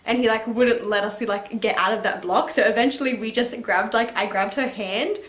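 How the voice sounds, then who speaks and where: A young woman in her late teens telling a story to camera in a chatty, animated way, laughing and swearing casually. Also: fairly high pitch, moderate pace, roomy sound. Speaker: vlogger. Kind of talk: story time chat.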